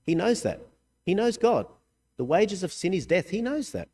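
A man preaching a sermon, earnest and emphatic, swinging between raised, urgent lines and quiet, low asides. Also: very animated, moderate pace. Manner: earnest, emphatic, with sudden swings in pitch and loudness. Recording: hall reverb.

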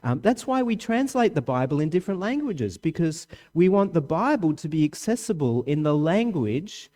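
A man, a parent of a young child, preaching a sermon with strong swings of pitch and volume for emphasis. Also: very animated, normal speed, mellow.

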